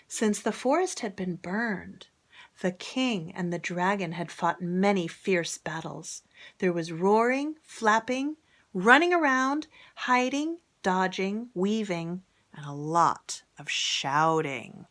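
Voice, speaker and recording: A woman reading a picture book aloud to children, gently, with whispered asides and questions. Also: mid-range voice, lively intonation, slow. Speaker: storybook reader.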